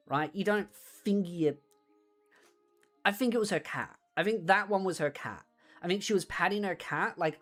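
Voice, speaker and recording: A woman streamer in casual chat on a desk mic, retelling things in a rambling, animated way. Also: lowish voice.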